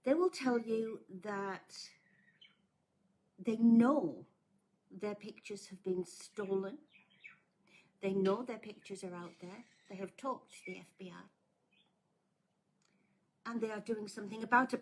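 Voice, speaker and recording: A woman's voice: mid-range voice, slow, pauses often, a little mellow. A woman speaking bluntly and earnestly to viewers as a scam awareness advocate, pleading with them to think. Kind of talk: casual warning talk to viewers.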